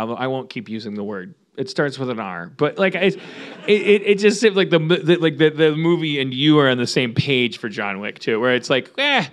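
Rambling man with a higher voice. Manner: rambling, many stammered restarts. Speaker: podcast host. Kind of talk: casual comedic chat.

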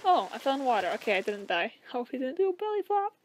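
A woman's voice: sits high, very animated, fast talker, a little hiss or hum. A young woman playing a horror game with commentary, jumpy, exclamatory and talkative. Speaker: gamer.

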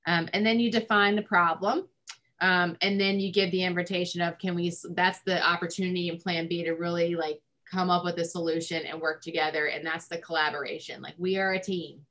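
Chatty woman therapist, low voice. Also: fairly even intonation, a little fast, a bit bright. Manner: informal, many fillers like "um" and "like". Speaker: family therapist. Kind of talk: casual explanatory chat.

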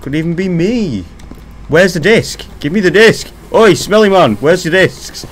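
A man's voice: high-pitched, lively intonation, a little slow, slight background noise. A young man giving casual, jokey commentary while playing a horror game, swearing and talking back to the game. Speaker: gaming commentator. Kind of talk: casual let's-play commentary.

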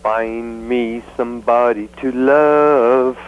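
A man's voice: mid-range voice, steady tone, takes it slowly, smooth. A man calling in to a radio show, easygoing and hedging. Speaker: caller. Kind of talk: phone call to radio show. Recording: tinny phone line.

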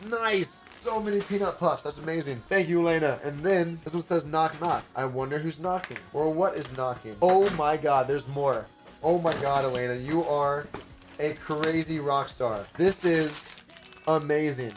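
A young adult man streaming, excitedly opening a snack box and playing a shooter while talking to his chat, with a light lilt. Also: fairly high pitch, normal speed, a little hiss or hum. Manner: enthusiastic, exclaiming, talks to chat.

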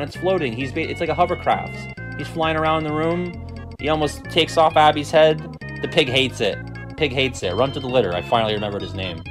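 A man streaming video games, talking through the play in a casual, profane way and often laughing at himself. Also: a little high. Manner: animated, profane, laughs often, self-deprecating. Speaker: game streamer. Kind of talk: casual gameplay commentary.

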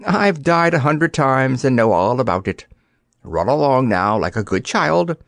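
A man's voice: medium pitch, animated, a little slow, no echo. A man voicing a complacent male stunt dummy who talks in a breezy, wheezing, self-satisfied way.

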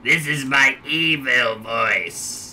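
A man voicing a menacing evil male galactic overlord with a croaky, drawn-out villain growl and slow, theatrical gloating. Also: mid-range voice, sharp tone, slight background noise, heavily acted.

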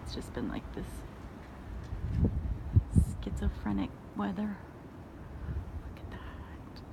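Southern woman, 40s, lively swooping voice, gravelly, chatty exclamations, outdoors. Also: mid-range voice, slow pace. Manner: chatty, exclaiming, talking to herself. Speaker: vlogger. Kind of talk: casual running commentary. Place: outdoors under open sky. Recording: phone-like audio with loud background noise.

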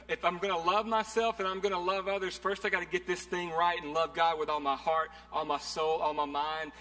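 A man's voice: fairly high pitch, pushed and bright. A man preaching a sermon, earnest and conversational, often repeating phrases. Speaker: pastor. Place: church sanctuary. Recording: long hall reverb.

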